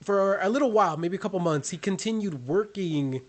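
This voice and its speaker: A man who is a guest on a podcast, talking casually and haltingly with many restarts and fillers. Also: high-pitched, expressive. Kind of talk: casual chat.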